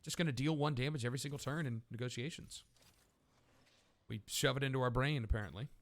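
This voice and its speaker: A man's voice: medium pitch, fast. A man hosting a let's play, thinking aloud as he plays a deck-building card game. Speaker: gaming channel host.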